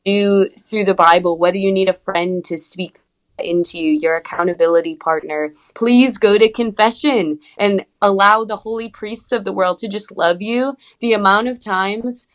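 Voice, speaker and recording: A woman guest on a faith-based podcast, talking earnestly and eagerly, with quick bursts of speech. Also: medium pitch, poor audio. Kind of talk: casual faith-based chat.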